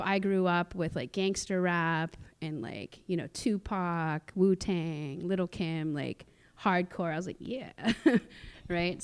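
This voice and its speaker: A fairly low-pitched woman's voice with a clean tone belongs to a Musqueam guest speaker from Canada. At a cultural sharing recorded on a theatre stage, she chats about personal experiences, laughing often and using many fillers and restarts.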